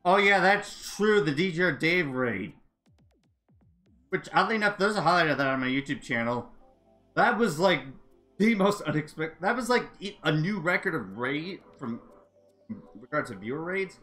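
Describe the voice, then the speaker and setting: A man live-streaming a racing game, chatting casually and reacting with excitable exclamations. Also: a little high, moderate pace, faint music behind. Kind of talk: casual live-stream chat while gaming.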